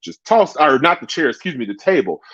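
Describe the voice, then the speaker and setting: A man hosting a casual chat show, talking in an animated way and answering viewers' comments directly. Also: a little high, fairly quick, breathy edge, no room sound, muffled recording. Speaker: talk show host.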